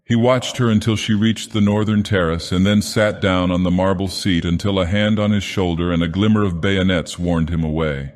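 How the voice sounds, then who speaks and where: A man reading a story aloud in a grave, theatrical villain persona. His voice sits very deep, and a long hall reverb follows every phrase. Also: fairly even intonation, normal speed, few pauses. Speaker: audiobook narrator. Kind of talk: scripted storybook narration.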